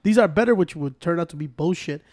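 Fast talking dude, highish voice, dry close sound, cussing and joking around. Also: male voice, expressive, a little mellow, dry recording. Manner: fast, defensive joking, swearing. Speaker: podcast co-host and cameraman. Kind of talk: casual banter.

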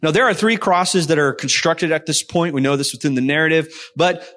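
A man's voice: a little high, fairly quick, fairly bright tone. A man preaching a sermon, explaining a Bible passage and reading scripture aloud. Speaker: pastor.

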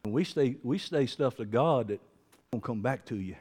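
A man preaching a sermon, rambling between quiet musing and emphatic declarations. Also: mid-range voice, expressive, moderate pace, husky. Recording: long hall reverb.

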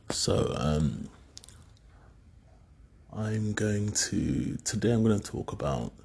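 A man's voice: low-pitched, creaky, darkish tone, breathy edge. A man in his thirties from the UK, musing alone in a rambling, hesitant way with many fillers. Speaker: solo speaker recounting dreams. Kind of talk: casual monologue.

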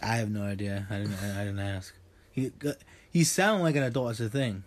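A man's voice: fairly low pitch, brisk. A young man hosting a podcast in casual chat, rambling and joking, swearing often and trailing off into fillers. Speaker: podcast host.

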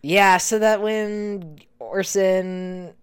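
A woman's voice: mid-range voice, fairly even intonation, very slow, smooth. A woman co-hosting a podcast, recapping a TV show in casual, rambling chat that often trails off. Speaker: podcast co-host.

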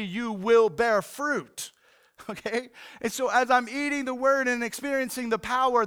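A man's voice: very high-pitched, a bit bright, clean tone. A middle-aged male pastor preaching a sermon in a casual, fired-up way, often saying "man" and "like".

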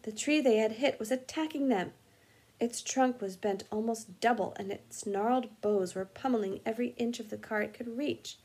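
A woman, a music teacher, reading a storybook chapter aloud in an animated, expressive way with small slips. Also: a little high, moderate pace, husky.

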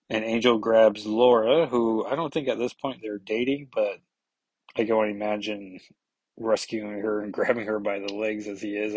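A man's voice: fairly low pitch, slightly rough, no echo. A man casually recapping a comic book issue, rambling with many fillers and self-corrections.

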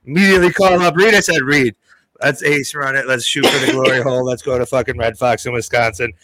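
A man spins a long story with a bright, forceful edge to his voice. He swears freely and talks animatedly. The sound is dry and close, with no room around it. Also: medium pitch, steady tone, quick pace, no echo, rough recording. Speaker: podcast co-host telling a story. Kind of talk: casual storytelling chat.

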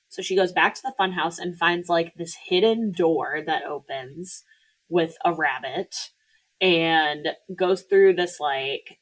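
A woman with a notably low voice for a woman, talking casually on a podcast. She walks through a film's plot in a loose, chatty way, full of "like" and small laughs. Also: poor audio. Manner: chatty, laughing, lots of "like" fillers. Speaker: podcast co-host. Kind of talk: casual movie recap chat.

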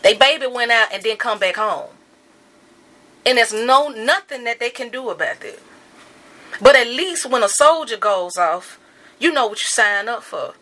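Woman, bright forceful voice, slightly high; impassioned commentary. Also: expressive, normal speed. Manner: angry, emphatic and repetitive. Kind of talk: impassioned monologue.

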